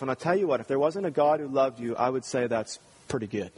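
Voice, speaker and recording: A man with a medium-pitched, darkish, slightly rough voice talks a little fast with few pauses. He's preaching a sermon earnestly, addressing the congregation with rhetorical questions, and a large hall's long reverb fills the recording.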